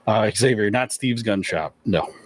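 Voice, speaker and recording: A man's voice: fairly low pitch, a little slow. A man hosting a gun shop livestream, reading viewer questions in a laid-back, chuckling way with lots of fillers.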